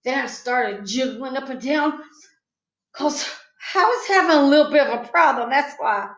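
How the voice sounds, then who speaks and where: A woman's voice: sits high, expressive, normal speed. A woman reading a children's book aloud with a playful storytelling manner. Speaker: storytime reader. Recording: echoey room, slightly dull sound.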